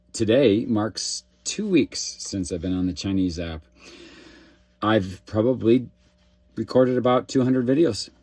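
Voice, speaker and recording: A man delivering a preachy, deliberate message to camera with calls to action. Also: fairly low pitch, darkish tone, breathy edge, dry recording. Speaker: social media creator.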